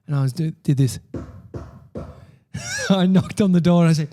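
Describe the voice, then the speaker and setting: A man's voice: fairly high pitch, a little slow, soft background music. An Australian man in his thirties, a podcast host telling stories in casual chat, swearing freely. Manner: swears a lot, animated storytelling.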